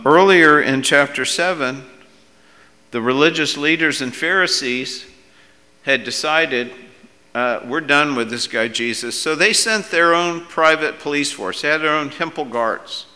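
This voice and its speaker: A middle-aged male pastor with a mid-range voice preaches conversationally, his words trailing off into a long reverb. Now and then he gets loud to act out quoted speech.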